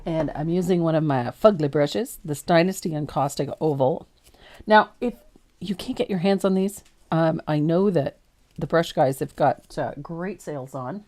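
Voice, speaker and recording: Lady painting teacher on a livestream, kinda low voice, chatty, laughs a lot. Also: moderate pace, dark tone. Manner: chatty, laughs easily, self-deprecating. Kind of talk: live painting tutorial.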